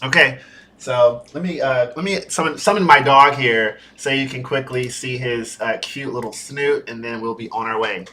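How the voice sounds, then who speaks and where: Bright-voiced chatty man streaming from home. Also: medium pitch, moderate pace, slight background noise. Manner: chatty and easily sidetracked, with fillers. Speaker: software developer streaming a build-in-public series. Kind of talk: casual livestream talk. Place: home streaming setup with a green screen.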